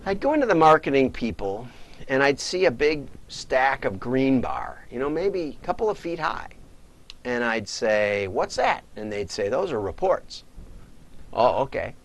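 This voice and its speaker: A man's voice: medium pitch, sing-song, unhurried. A middle-aged man, a data marketing consultant, casually telling rambling stories on a livestream, chuckling and correcting himself as he goes.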